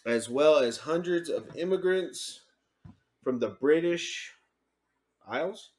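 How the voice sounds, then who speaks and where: A man's voice: fairly high pitch, lively intonation, slow pace, a little mellow. Man stumbling through reading facts. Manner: stumbling reading, joking, laughs often. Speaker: podcast co-host. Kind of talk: casual chat, reading facts aloud.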